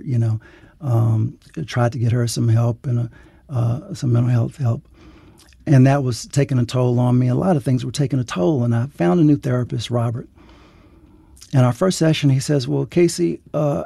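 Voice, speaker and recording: A man, a writer and guest, speaking in an earnest storytelling way with preacherly lifts and a creaky, husky voice. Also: mid-range voice, mellow, no echo, clean studio sound. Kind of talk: reflective interview talk.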